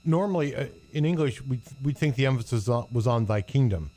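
A man, a pastor, discussing scripture in a measured, thoughtful way with frequent restarts. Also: medium pitch, warm tone. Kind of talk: Bible discussion.

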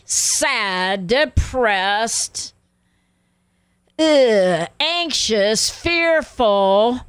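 Emphatic high-voiced older woman host. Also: a bit bright, no echo. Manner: emphatic, exclamatory preaching tone. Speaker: talk show host. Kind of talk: Christian talk show chat.

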